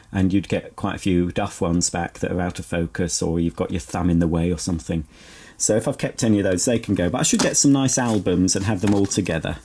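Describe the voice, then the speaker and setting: A man's voice: lowish voice, warm tone, breathy edge. A middle-aged man, chatting in a sentimental, self-mocking way as he sorts through old belongings at home. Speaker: vlogger. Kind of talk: casual chat while sorting belongings. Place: home, indoors.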